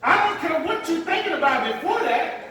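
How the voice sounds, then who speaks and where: A man preaching a sermon as pastor, swinging between hushed asides and loud dramatic bursts and repeating "watch this" as a refrain. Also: very high voice, sing-song, a little fast. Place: large church sanctuary. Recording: echoey hall, picked up from a distance.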